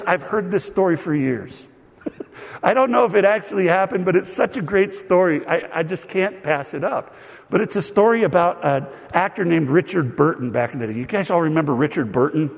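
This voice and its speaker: Male pastor, slightly high voice with gravel, animated storyteller, long hall reverb. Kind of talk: sermon.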